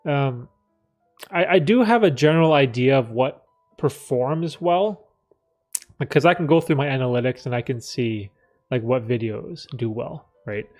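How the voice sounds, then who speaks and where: A man's voice: mid-range voice, unhurried, a little mellow, faint music behind. Candid man rambling on a live stream. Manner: candid, rambling, frequent fillers and throat clearing. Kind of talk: casual live stream chat, reading chat.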